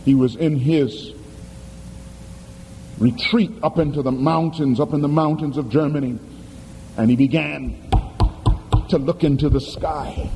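A man's voice: fairly high pitch, steady tone, a little slow, pauses often, dark tone, a little hiss or hum. A man preaching a sermon in a church, with emphatic, dramatic storytelling and questions thrown to the congregation. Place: church sanctuary. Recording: long hall reverb, faint ambience.

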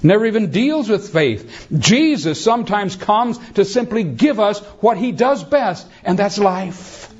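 A man preaching with a high, lively voice that climbs and falls with emphasis. He takes his time, letting lines land slowly and calling his listeners beloved. The recording is dull and lo-fi. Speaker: pastor. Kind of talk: sermon.

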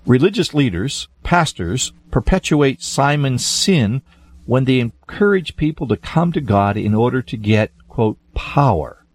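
A man who is a pastor, talking in a measured, emphatic way in a religious discussion. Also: mid-range voice, animated.

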